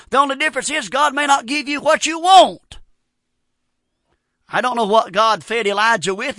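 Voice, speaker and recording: A male preacher telling stories in a folksy sermon, with a very high, bright voice. He is animated and keeps dropping in amens. The sound is dry and close. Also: dry recording. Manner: folksy, repeats amen, animated storytelling.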